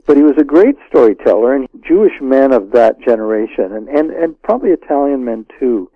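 A man's voice: mid-range voice, brisk, no echo, phone-quality sound. A man, an author, telling stories and reading from his book in a radio interview. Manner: storytelling, animated when reading dialogue.

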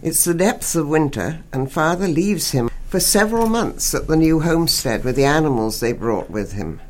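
A woman writer from Canada, a guest in an interview, speaking in a measured way and reading her own short story aloud. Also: deep voice, lively intonation.

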